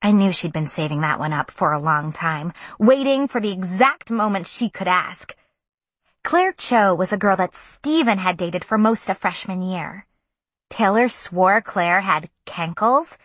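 A woman narrating a first-person audiobook in a soft, gentle storytelling manner. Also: medium pitch, no echo.

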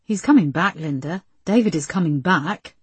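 A woman voicing a calm male police detective who coaxes and presses a suspect. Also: fairly low pitch, normal speed, husky, no echo. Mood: coaxing. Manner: coaxing, pressing.

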